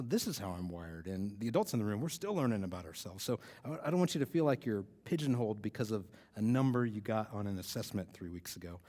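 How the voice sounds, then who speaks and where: A man's voice: mid-range voice, mellow. A man gives a casual youth sermon in a loose, rambling manner, sprinkling "like" and "uh" through what he says. His voice rings out with a long hall reverb. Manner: loose, rambling, lots of "like" and "uh", chuckles. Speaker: youth pastor.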